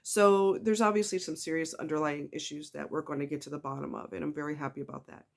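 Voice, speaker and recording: A woman's voice: low voice, fairly even intonation, quick pace, gravelly. A woman chatting casually to camera in a rambling, emotional vlog. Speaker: vlogger.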